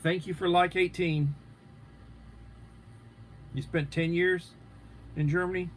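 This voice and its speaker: Guy rambling on his livestream, reading chat out loud, bit of a higher voice, faint hiss behind. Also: fairly even intonation, takes it slowly. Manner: rambling, answers chat comments aloud. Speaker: livestream host. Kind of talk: casual live-stream chat.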